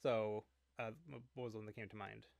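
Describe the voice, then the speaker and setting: A man co-hosting a casual book club podcast, talking in a halting way with restarts and wry asides. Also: lowish voice, level tone, vocal fry, no echo, clean studio sound. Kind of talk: casual chat.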